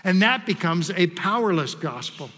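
High, bright-voiced male pastor preaching. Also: lively intonation. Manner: measured preaching, reads scripture aloud, leads congregation call-and-response. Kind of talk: sermon. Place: church sanctuary. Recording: long hall reverb.

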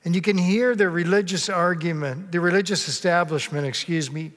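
A man's voice: high voice, fairly quick, fairly bright tone. A man preaching a sermon, telling a story earnestly and sometimes acting out the people in it. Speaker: pastor. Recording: long hall reverb.

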